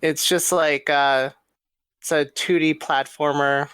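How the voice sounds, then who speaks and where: A man's voice: on the high side, little pitch movement, slow, fairly bright tone, smooth, no echo. A man co-hosting a podcast, chatting casually and enthusiastically about games. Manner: enthusiastic, talks through game details. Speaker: podcast co-host. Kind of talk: casual chat.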